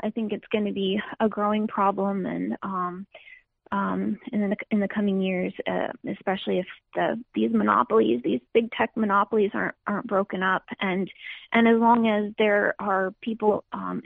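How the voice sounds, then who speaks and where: A woman being interviewed, with a gravelly edge to her voice and a halting way of speaking. She sounds tinny and narrow, as if over a phone line, and the sound is dry. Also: medium pitch, level tone, no room sound. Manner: hesitant, many ums and restarts. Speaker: interview guest.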